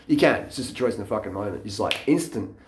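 A man's voice: on the low side, fast talker, roomy sound, noisy background. Profane man ranting on camera. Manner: profane, blunt, animated, laughs at his own stories. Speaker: vlogger. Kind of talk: casual rant to camera. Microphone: camera mic.

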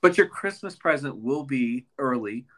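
A man's voice: mid-range voice, lively intonation, moderate pace, fairly bright tone. A man co-hosting a podcast in casual chat, congested and nasal from a sinus infection, rambling with many ums and restarts. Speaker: podcast co-host.

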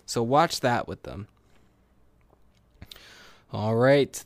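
Young male film vlogger, eager and rambling, average pitch, dry recording. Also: moderate pace, dry recording. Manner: enthusiastic, rambling. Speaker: movie reviewer. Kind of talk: casual movie review.

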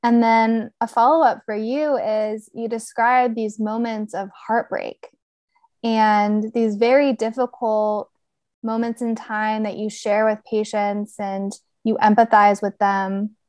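A woman's voice: fairly high pitch, flat delivery, slow pace, a little mellow, dry recording. A young woman in her twenties, a medical student hosting an interview, asking polite, curious questions.

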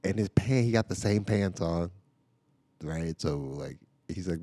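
A man's voice: deep voice, expressive, a little slow, mellow, dry recording. A father podcasting from home, telling a story in a casual, rambling way, full of "like" and "right?" asides.

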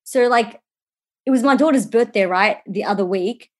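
A woman's voice: on the high side, moderate pace. Chatty woman telling stories. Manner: animated storytelling, swears casually. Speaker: podcast co-host. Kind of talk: casual chat.

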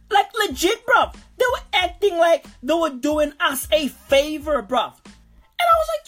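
A woman's voice: high voice, unhurried, soft background music. A woman delivering a profane comic rant, repeating "bro" over and over. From South Africa. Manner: animated, profane, repetitive, keeps saying "bro".

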